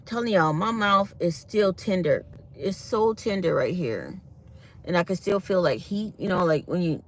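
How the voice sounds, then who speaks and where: A woman's voice: on the low side, lively intonation, moderate pace, slight background noise. A woman chatting casually to her viewers, animatedly retelling her day. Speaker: vlogger.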